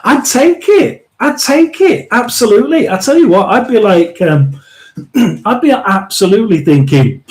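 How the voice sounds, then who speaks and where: A man hosting a live tarot reading, rambling and emphatic, often restarting and clearing his throat. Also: fairly high pitch, poor audio. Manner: chatty and emphatic, drawn-out stresses. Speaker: tarot reader and live stream host.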